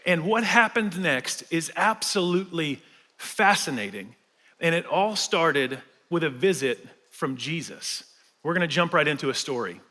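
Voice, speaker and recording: A man with a high, bright voice gives a sermon, chatty and loose, full of little fillers and jokes. His voice rings out through a large church hall with a long reverb tail. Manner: casual, conversational preaching with fillers and humor. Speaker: pastor.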